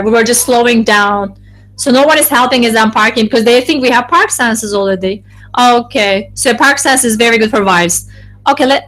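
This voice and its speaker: Woman interpreter, fairly high voice. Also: fairly bright tone, rough recording. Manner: halting, with frequent restarts and self-corrections. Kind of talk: live interpreting of a focus group.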